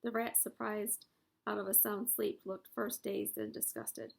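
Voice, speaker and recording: A woman's voice: mid-range voice, sing-song, unhurried, vocal fry. A woman reading a children's novel aloud. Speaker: reader.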